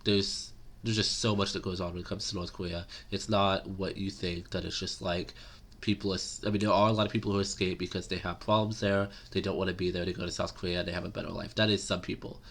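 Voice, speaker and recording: A man's voice: low-pitched, little pitch movement, quick pace, fairly bright tone. A man giving casual political commentary to camera, rambling and opinionated with many fillers.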